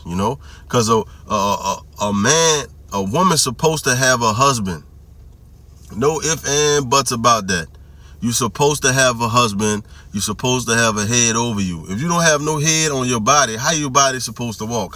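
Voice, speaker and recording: Bright-voiced man preaching in slang. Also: medium pitch. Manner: slangy, repeats "you hear me?", reads scripture slowly. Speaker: religious commentary vlogger. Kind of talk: casual preaching commentary.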